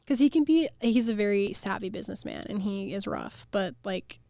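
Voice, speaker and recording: A woman's voice: medium pitch, animated, fairly quick, creaky, dry recording, studio quality. A young woman who owns a flower farm, talking in a casual, chatty podcast interview and saying "like" a lot. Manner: chatty, heavy use of "like".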